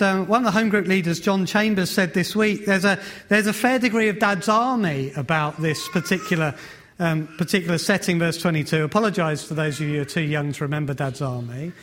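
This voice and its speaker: A man's voice: high-pitched, fairly bright tone. A man preaching a sermon, conversational in tone and asking the congregation rhetorical questions.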